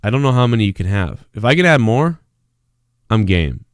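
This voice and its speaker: A man's voice: fairly low pitch, very animated, fairly quick, smooth, no room sound, studio quality. A man hosting a live stream in casual chat, rambling, swearing freely and reading viewer messages aloud. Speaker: live-stream show host.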